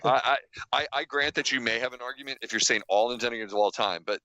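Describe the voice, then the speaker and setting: A man in his thirties co-hosting a podcast, talking in an animated, teasing way and often restarting his sentences. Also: medium pitch, fast talker, a crowd in the background, rough recording. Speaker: podcast co-host. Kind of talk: casual chat.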